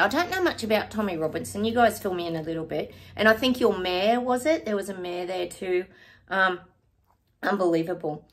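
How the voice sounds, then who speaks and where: A woman, hosting her own psychic channel and chatting casually and effusively to her viewers. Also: mid-range voice.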